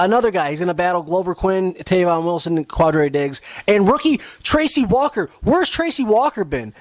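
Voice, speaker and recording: Young guy podcast host, high voice, dry close mic, swearing and fuming about his team. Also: a bit bright, no room sound. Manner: frustrated, profane ranting. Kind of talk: sports podcast rant.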